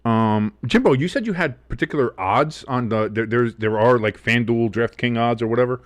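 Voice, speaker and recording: A man's voice: mid-range voice, normal speed, no room sound. A man hosting a casual live sports talk show, rambling and swearing freely with lots of fillers. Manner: rambling, profane, animated.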